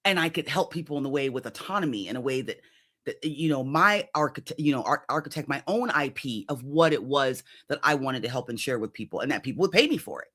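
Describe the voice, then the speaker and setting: Bright-voiced woman in her fifties, talkative. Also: a bass voice, fast talker. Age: 50s. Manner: lively, conversational, keeps checking in with "right?". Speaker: executive coach guest. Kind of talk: personal story in an interview.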